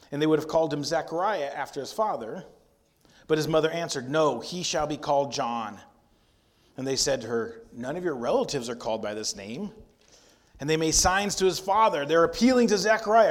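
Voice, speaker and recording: A man preaching a sermon in a conversational way, retelling scripture with playful asides. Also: a little high. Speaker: pastor.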